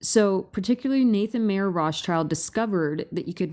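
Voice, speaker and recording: A woman giving a casual talk to a group, reading aloud and breaking off into animated rhetorical asides. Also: medium pitch, fairly quick, hardly any pauses, slight background noise. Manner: animated, rhetorical questions, frequent restarts. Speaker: presenter at a meeting.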